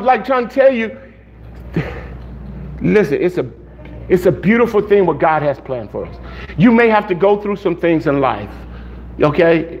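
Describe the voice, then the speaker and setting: A man's voice: high-pitched, muffled recording, a little hiss or hum. A man preaching to a church congregation in an informal way, telling stories and acting out quotes, often checking in with "okay?". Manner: storytelling, acts out quotes, asks "okay?".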